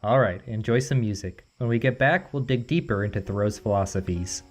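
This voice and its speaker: A man's voice: on the low side, brisk, faint music behind. A man hosting a podcast, talking in a playful, joking way before turning reflective. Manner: playful, jokey, then reflective. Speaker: podcast host. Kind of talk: casual podcast commentary.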